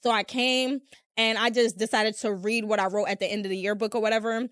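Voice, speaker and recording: A woman's voice: medium pitch, steady tone, fairly quick, a bit bright, no room sound, studio quality. A young woman hosting a podcast, telling stories in a casual, rambling way with lots of fillers. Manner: chatty, rambling, heavy use of filler "like". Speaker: podcast host. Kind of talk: casual storytelling chat. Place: room with a small live audience.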